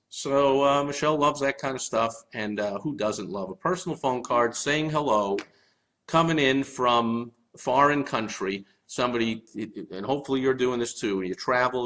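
A man's voice: fairly high pitch, fairly bright tone, low-quality recording. A middle-aged man talking casually to the camera from a room in his home, chatty and enthusiastic, rambling with fillers as he shows his mail. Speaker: marketing vlogger.

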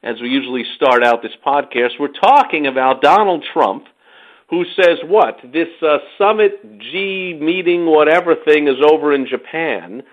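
A man's voice: fairly high pitch, moderate pace. Sarcastic male podcast host, lo-fi. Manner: animated, sarcastic, addresses "dear listener". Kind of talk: casual political podcast chat.

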